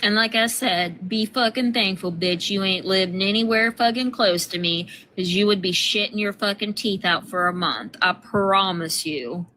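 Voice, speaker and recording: A woman's voice: medium pitch, normal speed, few pauses, pushed and bright, slight background noise. A middle-aged woman chatting on a livestream in a blunt, rambling way, swearing constantly. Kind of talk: casual chat. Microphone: home computer mic on a video call.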